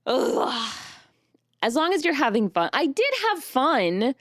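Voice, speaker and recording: A young woman streamer talks to her chat in a slow, unhurried way, her voice sitting a little high. She rambles softly through self-doubt, tearful, with nervous little laughs. The sound is close and dry. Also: very animated, dry recording.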